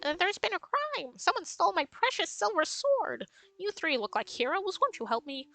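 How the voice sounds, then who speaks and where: A woman's voice: very high voice, very animated, normal speed, gravelly, a bit bright, pitched above the performer's own voice, heavily acted. A woman voicing a delicate, fretful female mouse who melodramatically begs heroes for help in a game. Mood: pleading dramatic. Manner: melodramatic, pleading.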